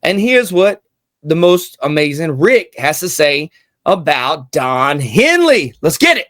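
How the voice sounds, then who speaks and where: A man's voice: on the high side, sing-song, slow pace, a bit bright, dry recording, clean studio sound. A man hosting a casual commentary vlog, hyped and slangy, repeating lines for emphasis. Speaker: channel host.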